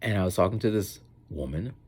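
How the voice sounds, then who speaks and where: A man's voice: deep voice, brisk, slightly rough. A man rambling through casual stories in a vlog, acting out the people he quotes. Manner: rambling, animated, acts out quoted voices. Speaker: vlogger. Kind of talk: casual storytelling monologue.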